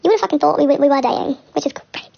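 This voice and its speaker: A fast-talking woman with heavy fry. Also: high-pitched, dark tone, highs cut off. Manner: rambling, candid, heavy vocal fry, nervous laughter. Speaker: livestreamer. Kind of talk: casual livestream storytelling.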